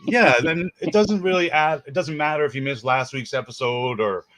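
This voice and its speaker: A man's voice: fairly high pitch, normal speed, fairly bright tone. Upbeat Canadian man hosting a livestream. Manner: upbeat, reads out chat names. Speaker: host. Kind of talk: casual livestream chat.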